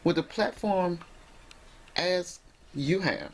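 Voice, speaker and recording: A woman's voice: lowish voice, takes it slowly, background noise. A woman vlogger talking straight to camera in an emphatic, preachy way, speaking directly to her viewers from indoors at home on the camera mic.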